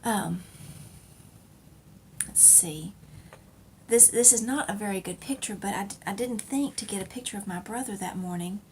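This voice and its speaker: A middle-aged woman tells a personal story in a loose, rambling way, full of fillers, restarts and small laughs. Her voice sits at an ordinary pitch for a woman. A faint background hiss runs under the home recording. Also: moderate pace, long pauses, a little mellow. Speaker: knitting podcast host.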